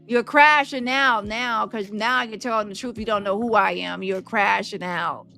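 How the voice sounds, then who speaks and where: This streamer's mid-range voice is creaky with a sharp edge, moving at a moderate pace as she goads a rival and speaks directly to viewers. The heated commentary has faint music in the background.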